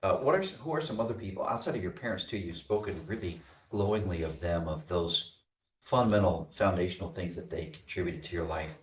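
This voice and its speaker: A man hosting an interview, asking measured, thoughtful questions. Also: low voice. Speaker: interview host. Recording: roomy sound, distant mic, faint noise.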